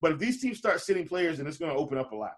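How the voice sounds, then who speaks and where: This fantasy basketball podcast co-host, who lives in the Charleston area, talks loosely about basketball betting, full of hesitant fillers and restarts. His fairly high voice swings widely in pitch, comes out rapid-fire, and has a breathy edge.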